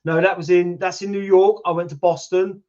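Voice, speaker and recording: A man's voice: sits high, flat delivery, a little fast, a little mellow. Chatty British man in his fifties. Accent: British English. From United Kingdom. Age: 50s. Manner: chatty, reads out and answers viewer comments. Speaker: YouTube channel host. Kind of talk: casual livestream chat with viewers. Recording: lo-fi livestream audio.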